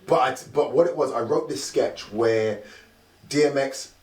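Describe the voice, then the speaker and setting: Man, middle-aged, breathy husky voice, podcast guest, acts out quotes. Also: medium pitch, a little slow. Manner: storytelling, acting out quoted lines. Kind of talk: animated anecdote in a podcast chat.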